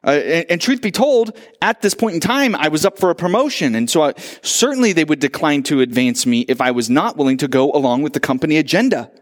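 Animated pastor preaching. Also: male voice, on the high side, fast talker, few pauses. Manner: animated storytelling with acted-out quotes. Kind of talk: sermon.

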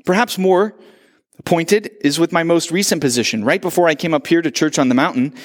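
Animated pastor preaching. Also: male voice, on the high side, brisk. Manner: animated storytelling with acted-out quotes. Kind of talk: sermon.

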